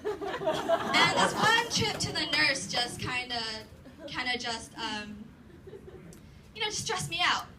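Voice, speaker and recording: A woman's voice: sits high, sing-song, slow, pauses often, crowd noise. A young woman performing a stand-up comedy set in a club, telling a rambling, profane story full of "like". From Los Angeles area. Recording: distant mic, noisy club.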